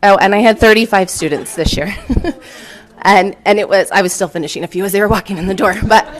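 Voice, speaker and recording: A woman's voice: mid-range voice, fairly quick, a little hiss or hum. A woman in her forties, a teacher giving a chatty conference talk full of fillers and laughter. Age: 40s. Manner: chatty and warm, laughs often, lots of fillers. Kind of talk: conference presentation.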